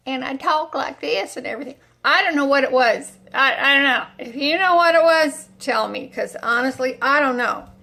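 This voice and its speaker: A high-pitched woman talks slowly and unhurriedly as she chats to her viewers from her home kitchen. She rambles, pokes fun at herself and wanders off topic in a relaxed, homey cooking vlog. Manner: rambling, chatty, self-mocking with frequent sighs and laughs. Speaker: cooking vlogger. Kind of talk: casual chat to camera.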